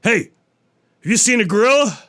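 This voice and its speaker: Brief: a dim, blustering lion with a high, loud, squawky voice, put on by a man. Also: expressive, a little fast. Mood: gruff asking.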